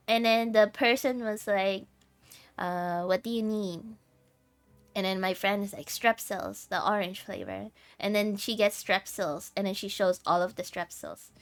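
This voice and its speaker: A woman's voice: mid-range voice, fairly bright tone, no room sound. A woman from the Philippines with a Filipino accent, streaming games and chatting casually, often breaking into giggles as she tells stories. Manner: giggly storytelling, laughs often. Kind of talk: casual chat while gaming.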